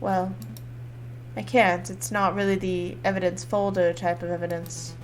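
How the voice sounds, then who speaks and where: A woman voicing a flustered male bird defense lawyer, reading game dialogue in a low, hesitant, sheepish way. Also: level tone, unhurried, slight background noise, lightly acted, poor audio.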